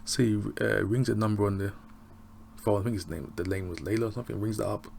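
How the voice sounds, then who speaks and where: A man giving a casual, rambling recap of a TV episode, excitable and often laughing. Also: on the low side, fast, gravelly, a little hiss or hum. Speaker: TV show reviewer.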